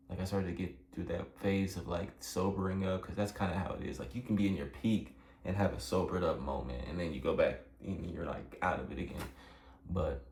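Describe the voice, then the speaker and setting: A man's voice: deep voice, darkish tone. A young man telling a personal story in a casual, rambling way, earnest and emotional, full of fillers. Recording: echoey room with faint background noise.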